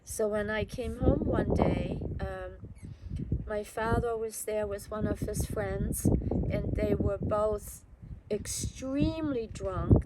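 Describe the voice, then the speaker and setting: A woman from Germany, reflectively and candidly recounting her life story in an interview. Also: on the high side. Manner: reflective, candid, wry at times. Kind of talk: personal oral history. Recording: loud background noise, passing vehicles.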